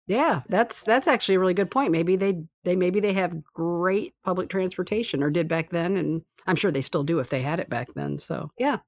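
A woman's voice: lowish voice, normal speed, few pauses, dry recording. A woman from Michigan in casual conversation, rambling and correcting herself with small chuckles. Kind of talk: casual book discussion.

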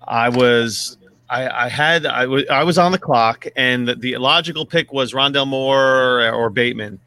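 A man's voice: medium pitch, moderate pace, sharp tone, clean tone, dry recording. A man hosting a casual fantasy football chat, rambling and self-deprecating, with many restarts and some swearing. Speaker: podcast host.

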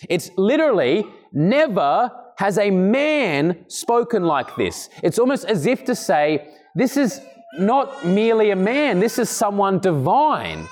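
A man preaching an expository sermon, earnest and emphatic, occasionally clearing his throat between points. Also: a little mellow. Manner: earnest, emphatic, acts out quoted speakers with raised pitch.

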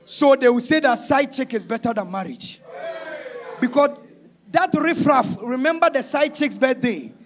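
A man preaching a sermon, shouting and half-singing, then dropping to a low confiding tone. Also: expressive, normal speed.

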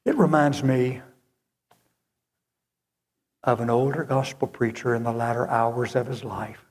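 A man's voice: medium pitch, steady tone, darkish tone. A male preacher delivering an earnest sermon that rises to fervent moments. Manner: slow, earnest, rising to fervent.

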